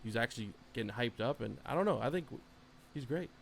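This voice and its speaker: A man co-hosting a podcast, talking in a loose, rambling way full of "like" and "um". His voice sits at an ordinary middle pitch. A faint hum of room noise runs under him. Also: animated, quick pace, gravelly. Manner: rambling and enthusiastic, lots of fillers. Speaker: podcast co-host. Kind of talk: casual chat.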